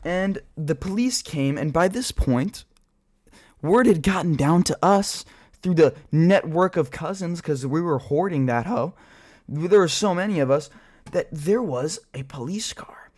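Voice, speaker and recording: A young man tells a childhood story in a loose, rambling way, swearing freely and filling gaps with filler words. His voice sits a little on the high side. The feel is an offhand story-time chat recorded while he plays a game. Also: expressive, measured pace, a little mellow. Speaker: storyteller vlogger.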